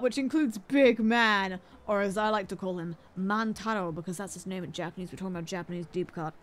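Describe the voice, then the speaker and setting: A woman's voice: mid-range voice, fairly quick, hardly any pauses. A woman streamer chatting casually over a game, playful and giggly as she sounds out Japanese words.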